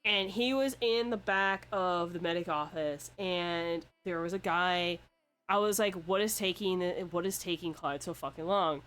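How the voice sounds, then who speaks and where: A woman's voice: fairly low pitch, moderate pace, fairly bright tone. A young woman hosting a podcast, chatting casually about a roleplay game, swearing freely and laughing often. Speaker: podcast host. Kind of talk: casual chat.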